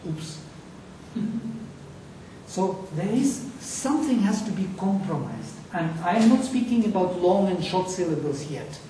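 A male teacher gives a lecture on Sanskrit accent in a slow, mellow, high-pitched, sing-song voice with a bit of hiss or hum. He explains things, asks the class questions, and chants Sanskrit words slowly, recorded on a distant mic in an echoey room.

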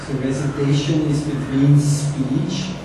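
A man's voice: mid-range voice, slow. A man on a discussion panel, carefully clarifying a point. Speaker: panel participant. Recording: distant mic, echoey hall, noise.

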